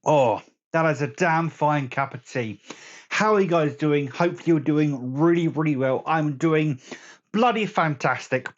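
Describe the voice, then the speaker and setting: A man's voice: fairly high pitch, a little slow, dull audio. Rambling man chatting to his phone. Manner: rambling, chatty, corrects his own slips. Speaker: board game vlogger. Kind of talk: casual chat to camera. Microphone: phone camera.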